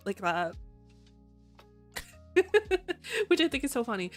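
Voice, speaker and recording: A young woman with a fairly high voice chats with her stream viewers in a playful, teasing way. She giggles often and flips into a bright, cutesy tone when greeting them. Soft background music sits faintly under her voice. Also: very animated, unhurried. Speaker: vtuber streamer. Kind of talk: casual chat with viewers.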